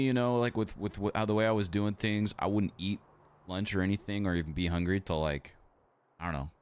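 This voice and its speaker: Low-voiced man chatting on stream. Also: smooth. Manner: rambling, many fillers and restarts. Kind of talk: casual chat to stream. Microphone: XLR mic.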